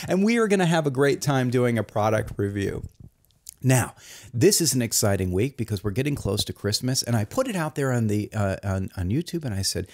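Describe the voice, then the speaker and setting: A man hosts a satirical comedy show in a mock-earnest, deadpan monologue. His pitch bounces around a lot, and he rambles from one point to the next. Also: brisk.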